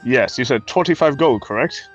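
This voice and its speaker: A man's voice: mid-range voice, animated, moderate pace, breathy edge, lo-fi sound, faint music behind. A man playing a tabletop game, curiously describing what his character does. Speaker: player.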